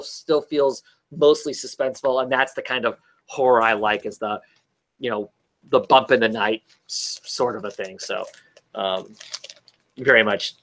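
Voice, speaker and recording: A man casually recapping a comic story, rambling with many fillers and restarts. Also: mid-range voice. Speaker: podcast co-host reviewing comics. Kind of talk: casual chat.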